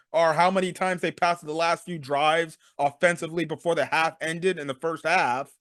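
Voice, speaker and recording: A man's voice: fairly high pitch, a bit bright, no echo, studio quality. A man hosting a sports talk show, ranting through a game recap with exasperated rhetorical questions. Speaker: sports podcast host.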